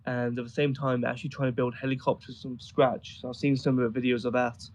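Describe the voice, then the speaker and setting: A man's voice: medium pitch, flat delivery, fast, a little mellow, low-quality recording. A man talking casually as a guest, telling rambling, amused stories with many fillers. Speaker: guest describing travels in Afghanistan. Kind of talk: casual conversation on a voice chat.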